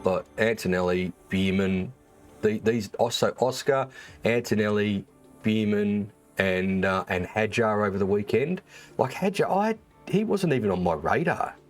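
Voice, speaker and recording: A deep-voiced Australian man talks loosely on a livestream, full of swearing, fillers and restarts. Faint music plays underneath. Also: unhurried. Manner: rambling, swears freely, many fillers and restarts. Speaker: streamer and former race engineer. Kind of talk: casual livestream chat.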